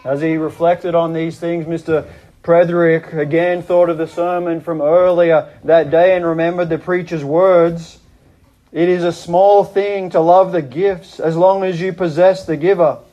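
A man's voice: level tone, measured pace, mellow, muffled recording. A man preaching a sermon, earnestly retelling a story with dramatic drops and rises in his voice. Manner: earnest, dramatic retelling, voice dropping low and rising in quoted prayers. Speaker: pastor.

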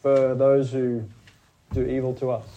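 A pastor with an Australian accent, delivering a sermon in a measured, deliberate way and stressing his points. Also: medium pitch, level tone, dull audio, a little hiss or hum.

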